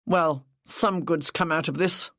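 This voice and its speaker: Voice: medium pitch, fairly even intonation, a little slow, a bit bright, no echo, studio quality. An audiobook narrator voicing Ian, an injured man whose speech comes out with a near-lisp. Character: injured man, bruised face.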